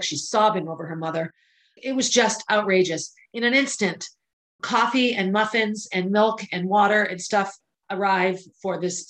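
A middle-aged woman hosting a podcast, telling a personal story with emotion, at times near tears, with pauses and restarts. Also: medium pitch, a bit bright, poor audio. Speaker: podcast host. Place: indoors, filming herself.

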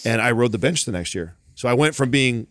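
A man co-hosting a casual chat, telling stories in an animated way, full of "like" and "bro". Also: mid-range voice, fairly quick, no echo, clean studio sound. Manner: animated storytelling, frequent "like" and "bro". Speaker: podcast co-host.

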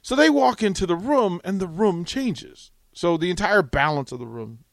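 Radio host guy spinning a rambling story, kinda gravelly, dead dry mic. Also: high voice, normal speed, no room sound. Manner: rambling, animated anecdote with restarts. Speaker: radio talk show host. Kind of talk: storytelling on a sports radio show.

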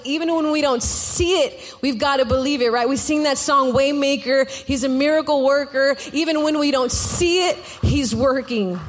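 A young woman with a high voice preaches to a congregation in a relaxed, conversational way. She tells her own stories and turns to the room with questions. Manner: conversational, personal storytelling with laughter and asides to the congregation. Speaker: guest speaker. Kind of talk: sermon.

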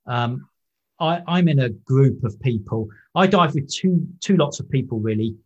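A man's voice: medium pitch, normal speed, breathy edge, lo-fi sound. A man, a wreck diver and photographer, telling stories in a podcast interview. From England. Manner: animated anecdotes with acted-out quotes.

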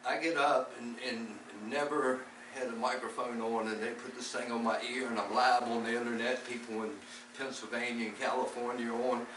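Guy sharing his faith story, rambly and earnest, echoey room, sounds far off, noisy. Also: medium pitch. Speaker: lay preacher. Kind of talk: testimony-style faith talk. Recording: echoey distant recording with background noise.

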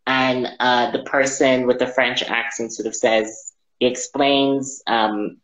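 Halting man, roomy lo-fi sound. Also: mid-range voice, flat delivery, fairly bright tone. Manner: halting, repeats words, reflective. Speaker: guest. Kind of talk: personal storytelling in conversation. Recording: roomy, dull lo-fi audio.

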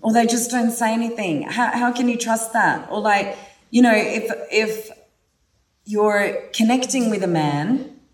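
A woman host telling personal stories in a candid, animated way, swearing freely. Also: a little high, measured pace. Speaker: podcast host. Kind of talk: casual personal storytelling. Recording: roomy sound from a distant mic.

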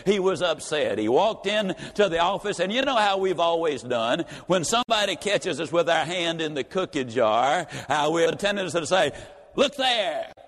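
A man's voice: on the high side, expressive, normal speed, hardly any pauses, fairly bright tone. A man giving a folksy, emphatic motivational speech told as a story. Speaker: motivational speaker. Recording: reverberant hall.

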